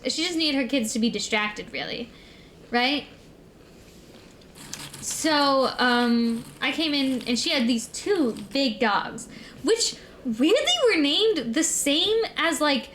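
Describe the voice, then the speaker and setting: Young woman, high voice, casual streamer chat, rambling, filler-heavy, faint background hiss. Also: a bit bright.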